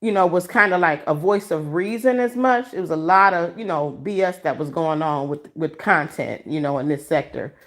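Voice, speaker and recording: Expressive woman chatting on a livestream. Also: low-pitched, moderate pace, hardly any pauses. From Michigan. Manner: emotional, expressive and preachy, addresses viewers as y'all. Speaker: livestream host. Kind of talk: casual livestream commentary to a chat. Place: at home, walking around. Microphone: phone held in hand.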